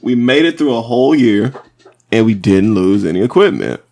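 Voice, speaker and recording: A man's voice: lowish voice, lively intonation, normal speed, vocal fry, a little mellow. Quipping male podcast co-host. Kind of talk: casual podcast banter.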